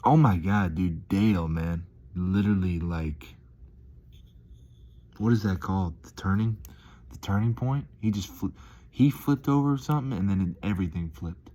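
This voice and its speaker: Speaking at a moderate pace in a low, mellow voice, this man addresses his viewers in an upbeat vlog. He rambles playfully and enthusiastically, chuckling along the way.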